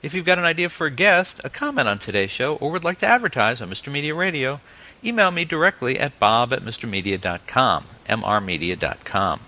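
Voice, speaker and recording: A man's voice: medium pitch, lively intonation, fairly quick, sharp tone. A man hosting an interview show who wraps up the talk and reads the closing announcements. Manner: friendly, laughs often. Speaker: radio interview host. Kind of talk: interview and scripted show outro.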